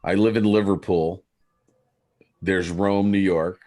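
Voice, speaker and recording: Low-voiced American man joking around. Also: steady tone, slow pace, a little mellow, no room sound, clean studio sound. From United States. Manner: joking, laughs often. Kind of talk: casual group chat.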